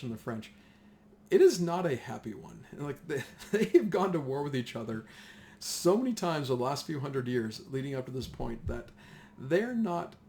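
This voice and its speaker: Male history teacher, casual and animated, mid-range voice, slight background hiss. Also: medium pitch, creaky. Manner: chatty, animated, acts out voices of nations.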